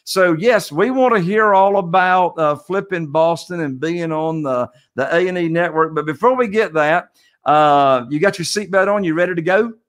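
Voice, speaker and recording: A man's voice: a little high, moderate pace. A man hosting a casual interview, asking questions in an upbeat, friendly way with hesitant fillers. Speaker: podcast host.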